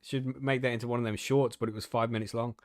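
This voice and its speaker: A young man co-hosts a casual podcast, telling rambling jokes and cracking himself up as he goes. He swears freely and keeps the tone loose. His voice is recorded dry and close, with his pitch sitting right in the middle. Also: little pitch movement, fast talker, no echo. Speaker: podcast co-host.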